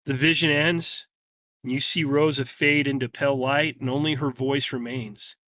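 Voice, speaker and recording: A man narrating a tabletop game as game master, telling the scene slowly and dramatically. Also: mid-range voice, steady tone, bright, forceful tone, no echo, studio quality. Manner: slow, dramatic storytelling.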